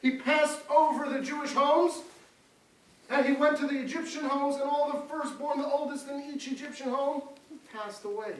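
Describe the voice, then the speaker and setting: High-voiced woman telling a story to kids. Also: moderate pace, slight background noise. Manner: lively, dramatic, asks the audience questions. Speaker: storyteller for children. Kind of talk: animated storytelling to children. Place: large hall with children. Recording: very echoey hall, far from the mic.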